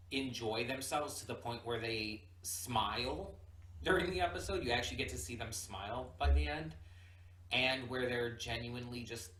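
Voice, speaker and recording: A man's voice: mid-range voice, pushed and bright. A man giving casual reaction commentary as host of his channel, rambling with many fillers and restarts. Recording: echoey room, mic at a distance.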